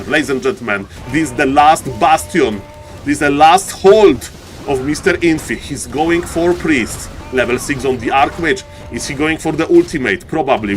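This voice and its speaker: A man's voice: medium pitch, a little hiss or hum. A man casting a live strategy-game match as an esports streamer, hyped and playful, with showman patter and rambling asides. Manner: hyped, showman patter, keeps saying "ladies and gentlemen".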